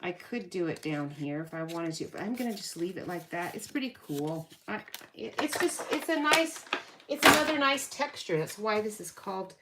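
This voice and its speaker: At her craft table, a woman leads a card-making tutorial in a mid-range voice with lively intonation and a moderate pace. She is chatty, thinks out loud, self-corrects and laughs at herself, all over loud background noise.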